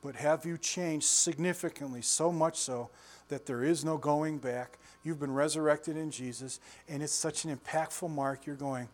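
An older male pastor in his sixties with a slightly high voice, preaching in a relaxed, storytelling way. He chuckles often and checks in with his congregation with direct questions. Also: moderate pace. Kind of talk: conversational sermon.

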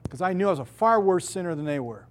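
A man's voice: high-pitched, expressive, fast talker. A middle-aged male pastor preaching with a slightly raised voice. He leans hard on key words and stretches them out for effect. His delivery is earnest and emphatic. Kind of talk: sermon.

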